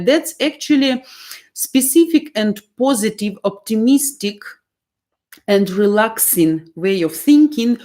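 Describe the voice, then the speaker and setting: A woman's voice: mid-range voice, darkish tone. A woman from Ukraine with a Ukrainian accent, a dating coach chatting through viewer questions on a live stream and explaining things step by step with fillers.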